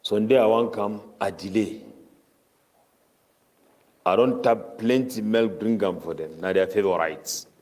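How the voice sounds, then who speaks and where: A man preaching a Ramadan tafseer sermon in Cameroonian Pidgin English, chanting Arabic verses rapidly between his explanations. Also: lowish voice, a little mellow.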